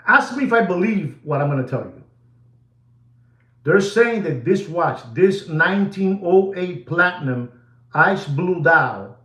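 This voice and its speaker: Theatrical man in an echoey room. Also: a little high. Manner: theatrical, swings from shouting to hushed asides; mixes Spanish phrases into English talk. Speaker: watch market commentator. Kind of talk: animated market update.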